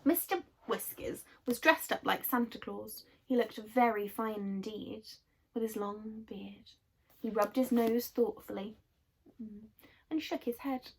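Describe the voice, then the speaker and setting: A woman reading a children's book aloud, telling it expressively and softly. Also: a little high, a little slow, gravelly, husky. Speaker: storyteller.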